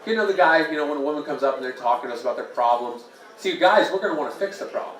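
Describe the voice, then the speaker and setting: A man's voice: a little high, expressive, racing, a bit bright. A man doing a self-deprecating stand-up set at an open mic night in a small bar, bantering with the crowd. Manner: jokey, self-deprecating, playful crowd asides. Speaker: stand-up comedian. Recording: echoey room mic from a distance. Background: audience laughing.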